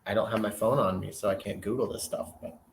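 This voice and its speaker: A man's voice: fairly low pitch, fairly even intonation, quick pace, vocal fry, slight background noise. A man chatting as a guest over a video call, playful and rambling, asking question after question. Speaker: podcast host and guest. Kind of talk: casual video call chat.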